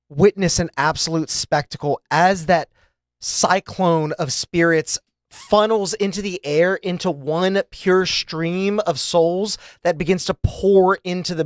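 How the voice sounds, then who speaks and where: A young man narrating a tabletop game as dungeon master, slow and deliberate, with frequent fillers. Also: a little high, no echo.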